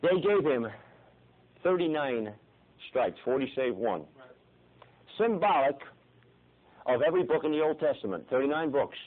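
A middle-aged man preaching a sermon dramatically, swinging from soft, hushed passages to pleading cries and repeating his phrases. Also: mid-range voice, animated, normal speed, pauses often. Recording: tinny phone-like lo-fi recording.

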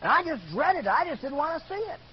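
An older man gives a sermon, recounting his own story in an earnest voice that climbs to loud outbursts. His voice sits notably high for a man. The recording sounds muffled and dull, with a faint hiss underneath. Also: sing-song, fast. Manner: earnest storytelling, rises to shouting when quoting. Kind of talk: sermon testimony.

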